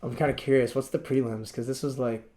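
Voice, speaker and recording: A man's voice: mid-range voice, fast. Laughing, rambling podcast guy. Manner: rambling, laughs often, animated retelling. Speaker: podcast co-host. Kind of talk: casual chat.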